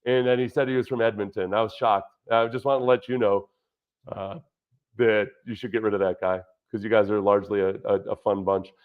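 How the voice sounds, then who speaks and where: Speaking fairly quickly with a fairly low pitch and fairly even intonation, a man runs a casual football livestream, rambling and answering viewer chat. He's a former football player turned host. The sound is dull lo-fi stream audio with dropouts, captured by a studio dynamic mic through a budget interface.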